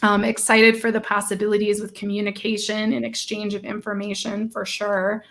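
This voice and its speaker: A woman hosting a casual live-stream chat, bubbly and gushing, running off on quick tangents. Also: medium pitch, completely flat delivery, a bit bright.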